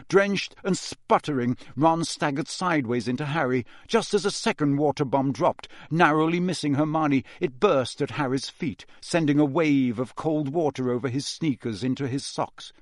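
A man narrating a fantasy novel as an audiobook in a measured storytelling manner. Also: mid-range voice, dry recording, studio quality. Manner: measured, even storytelling delivery.

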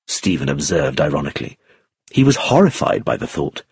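A man narrating an audiobook in an unhurried, expressive way. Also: rumbling low, husky, no echo, clean studio sound. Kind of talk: scripted narration.

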